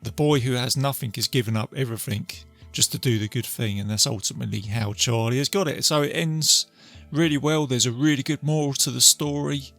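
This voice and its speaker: A man hosts a podcast and retells a film's plot in a loose, rambling way, stopping to restart and filling gaps with "um." His voice is gravelly with a bright, forward tone, at a middle pitch. Faint music plays behind him. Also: a little fast. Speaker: podcast host. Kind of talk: casual film recap.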